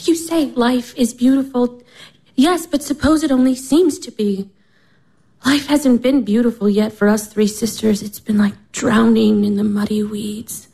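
A wistful young sister. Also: female voice, a little high, steady tone, measured pace, vocal fry, husky, heavily acted. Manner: soft, wistful. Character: young woman of twenty, wistful and disillusioned.

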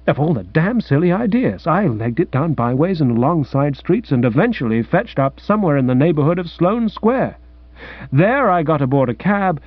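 Man lively comic audiobook narration. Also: medium pitch, no echo. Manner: lively, comic, mock-grand storytelling. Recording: dry, dull lo-fi recording.

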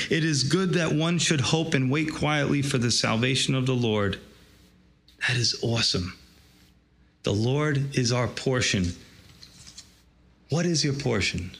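A pastor reads scripture aloud during a sermon and draws out its lesson with rising emphasis. His voice is a little high and a bit bright.

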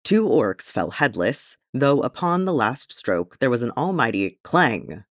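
Brief: male audiobook reader, expressive storyteller, animated delivery. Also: mid-range voice, unhurried, dry recording, clean studio sound. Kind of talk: fan-fiction audiobook narration.

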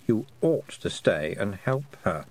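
A man's voice: on the low side, sing-song, takes it slowly, darkish tone, breathy edge, exaggerated voice. A man voicing a sarcastic male talking toad in an audiobook, dry and knowing. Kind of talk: audiobook character voice.

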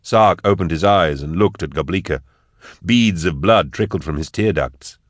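A man reads a story aloud in a steady, measured way. His voice is very low, and the recording is close and dry with no room sound. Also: dry recording. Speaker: audiobook narrator. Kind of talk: scripted narration.

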